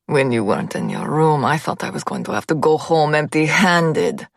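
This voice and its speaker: A woman voicing a cold, cruel male gunman with a deep voice and a heavy Russian accent, speaking slowly and leeringly. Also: wildly swooping pitch, vocal fry, no room sound, studio quality, exaggerated voice. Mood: menacing.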